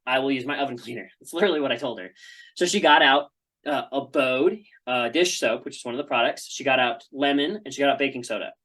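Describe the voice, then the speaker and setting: A man's voice: fairly high pitch, fairly bright tone, low-quality recording. A man giving a casual presentation, talking in a chatty storytelling way with frequent asides.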